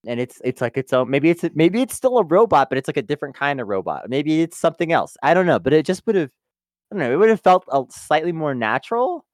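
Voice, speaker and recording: A man's voice: fairly high pitch, sing-song, fast talker, no room sound, studio quality. A man co-hosting a casual review podcast, laughing often and stumbling over his words. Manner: laughs a lot, stammers, playful mock voices. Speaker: podcast co-host.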